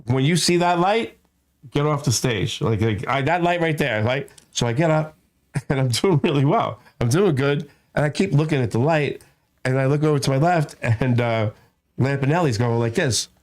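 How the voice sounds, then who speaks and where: A man's voice: mid-range voice, moderate pace. Man, stand-up comic guest, rambling crude anecdotes, laughs a lot, studio talk show. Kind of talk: casual comedy chat.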